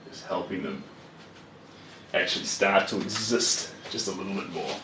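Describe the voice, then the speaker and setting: A man's voice: sits low, expressive, moderate pace, bright, forceful tone, a little hiss or hum. A man live-streaming while he paints. He chats casually, mutters to himself as he works, and greets viewers. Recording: roomy echo, voice far from the mic, faint ambience.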